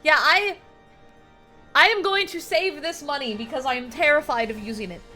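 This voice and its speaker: High, bright woman streamer: excitable, squealy, a bit foul-mouthed, game music under her. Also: normal speed. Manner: excitable, squealing, swears when shocked. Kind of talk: casual live-stream chatter while playing.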